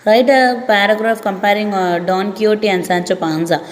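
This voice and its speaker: A woman's voice: mid-range voice, fairly even intonation. A woman schoolteacher with an Indian English accent goes over vocabulary for her pupils, saying each word twice with care. Her voice rings in a roomy, echoing space with a long reverb tail. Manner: repeats each word slowly, addresses pupils as "ma". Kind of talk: online English lesson. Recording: echoey room, long reverb.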